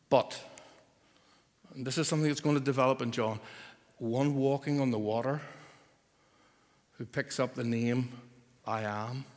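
A man's voice: medium pitch, moderate pace, long pauses. Man, preacher, sermon, emphatic repeated declarations, reverberant church hall.

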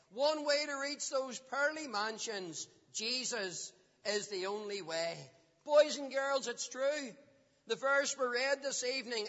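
Man, children's preacher in a church hall; high, sharp voice; dull recording with long hall echo. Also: a little slow. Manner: asks the children questions. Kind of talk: children's gospel talk.

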